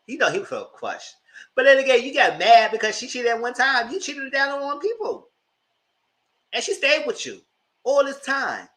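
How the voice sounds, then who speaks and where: Animated high-voiced man reviewing TV. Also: moderate pace. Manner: animated, slangy, laughs often, acts out characters' lines. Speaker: host. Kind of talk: casual live TV show review.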